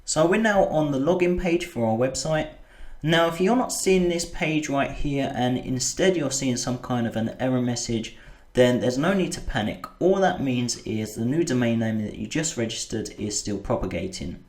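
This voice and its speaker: Man explaining software steps patiently. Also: medium pitch, animated, moderate pace, echoey room. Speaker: web design tutor. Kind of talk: screen-recorded software tutorial.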